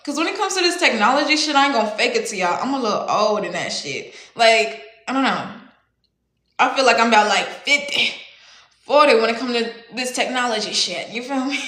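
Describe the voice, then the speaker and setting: A young woman with a fairly high, bright, forceful voice chats casually on a livestream in an echoey room. She rambles, curses, talks in slang and laughs a lot.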